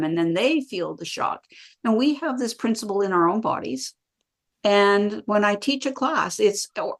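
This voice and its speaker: A middle-aged woman chats as a guest on an interview podcast. Her storytelling is lively, and she slips into the voices of people she quotes. Her pitch sits in an ordinary middle range. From Canada. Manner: lively, acts out quoted dialogue. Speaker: podcast guest, bioenergetics practitioner.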